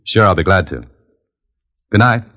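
An actor playing a dry, wisecracking adventurer who also narrates, in 1940s radio acting. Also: male voice, low voice, lively intonation, moderate pace, bright, forceful tone, heavily acted. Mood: confident. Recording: dull old radio recording.

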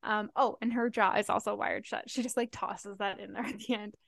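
A woman's voice: mid-range voice, fairly even intonation, brisk, creaky, no echo, clean studio sound. A young woman co-hosting a book podcast in casual chat, laughing often and swearing freely as she recaps chapters. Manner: chatty, swears and laughs easily.

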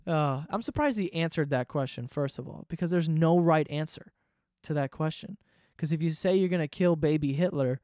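A man's voice: fairly high pitch, fairly quick, darkish tone, smooth, no echo, studio quality. A man ranting sarcastically and swearing freely in a casual comedic monologue, host of his own podcast.

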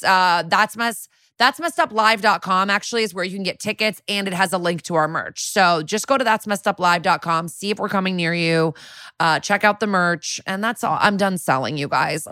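A woman's voice: fairly low pitch, lively intonation, moderate pace, sharp tone, no echo, clean studio sound. A woman in her thirties co-hosting a podcast, chatting casually and recapping with sarcastic asides. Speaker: podcast co-host. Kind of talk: casual chat.

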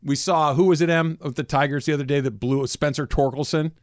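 A man hosting a sports radio show, telling animated stories in casual talk from the studio. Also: a little high, a little fast, dry recording. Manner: animated storyteller, swings up and down in loudness.

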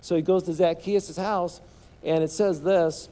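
A man's voice: sits high, fairly even intonation, measured pace, warm tone. A male pastor preaching a sermon, drawing the congregation into call-and-response and often restarting his words.

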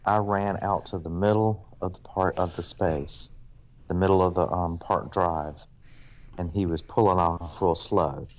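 A man's voice: sits low, steady tone, unhurried, lo-fi sound. A man on a podcast telling a long, profane story to friends in casual chat. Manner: rambling, profane anecdote-telling. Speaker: podcast co-host.

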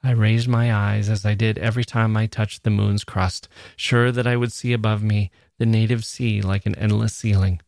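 A man, a podcast host, giving a measured and expressive first-person reading of a literary short story. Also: fairly low pitch, gravelly, no echo, studio quality.

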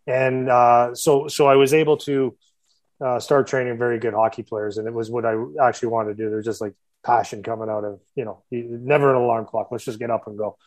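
A man's voice: mid-range voice, level tone, fairly quick, low-quality recording. Rambling man telling stories. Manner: rambling, self-interrupting, laughing asides. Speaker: hockey skills coach. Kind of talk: casual storytelling.

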